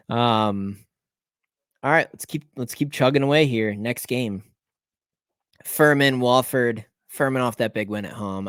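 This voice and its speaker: A man's voice: medium pitch, unhurried, a bit bright, clear, resonant tone, no room sound, clean studio sound. Rambling man thinking aloud over picks. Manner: thinks aloud, rambling, self-correcting, checking scores mid-talk. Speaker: sports betting picks host. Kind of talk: casual solo picks rundown.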